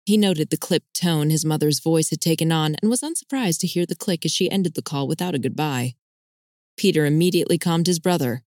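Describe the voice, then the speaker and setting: Woman narrator, audiobook, steady and measured, low voice, dry sound. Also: dry recording. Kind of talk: scripted narration.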